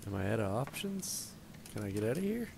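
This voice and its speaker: A man with a slightly low voice talks through a video game in casual commentary, thinking aloud and cheering on the characters he leads. He speaks into a gaming headset, with a clear, steady hiss of game sound and noise under his words. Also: brisk. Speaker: let's play gamer.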